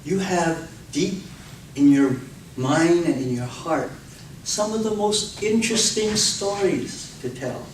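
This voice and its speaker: Heard from a distant mic in an echoey room with faint ambience and slight background noise, a man speaks slowly in a fairly high voice. His talk is about public speaking, and he tells stories expressively, acting out the cries, quotes and voices within them.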